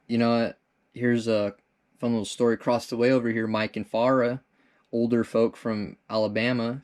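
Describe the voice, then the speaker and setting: A young man hosting a comedic vlog, answering viewer questions in a rambling, laid-back way and tossing in "dude" and casual swearing. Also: mid-range voice.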